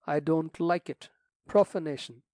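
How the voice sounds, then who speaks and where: A man's voice: a little high, steady tone, unhurried, a little mellow, no echo, clean studio sound, natural voice. A man voicing a fussy, flustered elderly country rector who exclaims and frets. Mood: uneasy.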